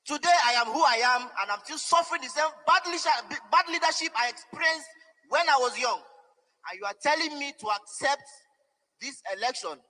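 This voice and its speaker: A young man with a very high, piercing, sharp voice. He speaks, pleading and defiant, his emotion pushing through every line. The sound rings out with the long reverb of a large hall. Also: lively intonation, a little fast. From Nigeria. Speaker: press conference speaker. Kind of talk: impassioned public statement.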